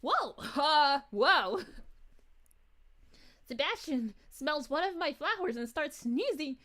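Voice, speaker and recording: A woman's voice: high voice, sing-song, takes it slowly, bright, forceful tone, heavily acted. A woman voicing a bubbly, cheerful young princess, greeting viewers exclamatorily and with giggles. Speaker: VTuber streamer. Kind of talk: in-character livestream chat reading.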